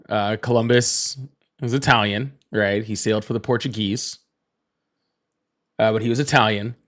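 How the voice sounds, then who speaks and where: A man hosting a casual live stream, chatting in a rambling way and greeting viewers between points. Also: lowish voice. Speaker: livestream host.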